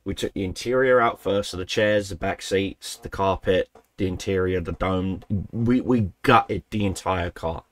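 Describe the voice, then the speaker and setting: A man with a fairly low voice tells a rambling, profanity-laced story straight into a desk microphone. He backtracks and corrects himself as he goes. The sound is dry and close, with no room echo. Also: normal speed, few pauses, a bit bright. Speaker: gaming channel host. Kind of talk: casual storytelling. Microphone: desk microphone he keeps bumping.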